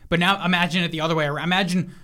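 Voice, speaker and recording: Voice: medium pitch, fairly even intonation, very fast, pushed and bright. A podcast co-host in casual chat, blunt and opinionated, swearing casually.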